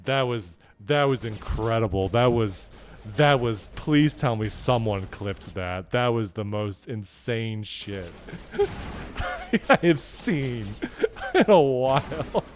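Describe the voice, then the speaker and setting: A man streaming a video game live, laughing hard and reacting with excited, profane commentary. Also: on the low side, takes it slowly, a little hiss or hum.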